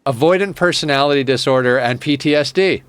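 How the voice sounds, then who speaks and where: A man's voice: mid-range voice, quick pace, fairly bright tone, clear, resonant tone, no room sound. Sarcastic, rambling male game streamer. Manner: rambling, sarcastic, swears freely. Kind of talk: casual live-stream chat while gaming.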